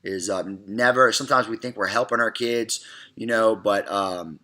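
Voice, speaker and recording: A man's voice: fairly low pitch, normal speed, pushed and bright. A middle-aged man hosting a parenting segment, giving earnest casual advice to viewers and often checking in with "all right" and "look.". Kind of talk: casual advice talk to camera.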